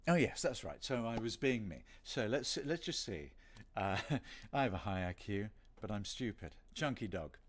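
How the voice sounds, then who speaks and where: A man's voice: fairly low pitch, very animated, moderate pace. A middle-aged man from Britain chatting casually on a livestream signing session, rambling and self-deprecating with playful asides. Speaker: voice actor hosting a signing stream.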